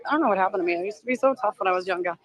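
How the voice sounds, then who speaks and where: Rapid-fire and mid-range in pitch, she's a middle-aged Bostonian livestreaming casual commentary from a phone on a selfie stick, out in a crowd. She's chatty and emotional, greets viewers and laughs often, and the recording quality is low.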